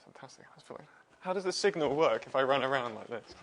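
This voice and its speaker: A man chats his way through getting a livestream running, self-deprecating and quick to laugh. His voice sits at an ordinary middle pitch. A faint hum of noise sits behind him on a wireless mic indoors. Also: expressive, a bit bright. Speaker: presenter and physicist. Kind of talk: casual livestream chat.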